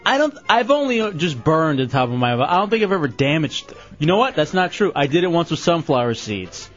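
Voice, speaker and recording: Man, radio host, casual banter, fairly high voice, faint music behind. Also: lo-fi sound. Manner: animated, laughing, quick to tease.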